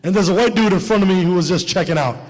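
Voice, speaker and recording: A lively stand-up comedian with a fairly high voice, telling a story onstage and slipping into the people in it. His voice carries a long reverb through a big echoing hall. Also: rapid-fire. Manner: lively storyteller, acts out characters. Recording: echoey hall.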